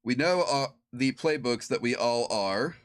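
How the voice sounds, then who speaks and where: A man's voice: mid-range voice, animated, unhurried, no room sound. Guy gming a ttrpg playtest, laughs a lot, kinda rambly, dead dry mic. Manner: laughing often, rambling restarts. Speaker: game master. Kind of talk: running a tabletop playtest on stream. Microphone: streaming mic.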